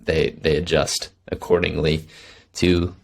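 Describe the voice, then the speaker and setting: A man's voice: very deep voice, little pitch movement, a little slow, gravelly. A man who is a hunter, a guest on a podcast, speaking in an earnest, reflective way in casual conversation. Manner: earnest, reflective, laughs easily.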